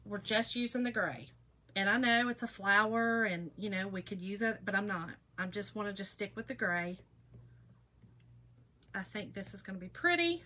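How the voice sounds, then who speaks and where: A woman's voice: medium pitch, animated, normal speed, sharp tone, low-quality recording. A middle-aged woman, hosting a casual craft livestream in a folksy, chatty way and greeting viewers by name.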